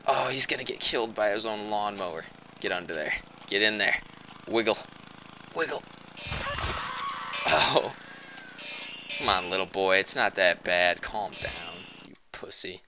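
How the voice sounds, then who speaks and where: A man's voice: fairly low pitch, animated, a little slow, pauses often, noisy background. A young man giving joking let's-play commentary, muttering one moment and yelping the next. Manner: jokey, swings from muttering to yelping shouts. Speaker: gaming commentator.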